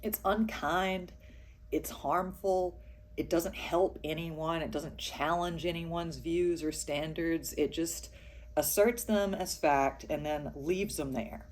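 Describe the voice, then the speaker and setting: A woman co-host speaking earnestly and directly to one person, in a measured way. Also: deep voice, slight background noise. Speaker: podcast co-host. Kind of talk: direct address to camera.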